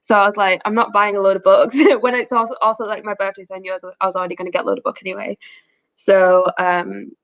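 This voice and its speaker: A woman's voice: medium pitch, flat delivery, quick pace, no room sound, narrow, tinny audio. A woman in her twenties hosting a casual livestream, chatting and reading out comments from the chat. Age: 20s. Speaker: host.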